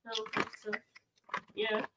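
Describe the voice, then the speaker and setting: A woman's voice: a little slow, background noise. A woman off camera who joins the conversation with short prompts and questions. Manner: brief prompting interjections and questions. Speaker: off-camera companion. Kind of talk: casual chat.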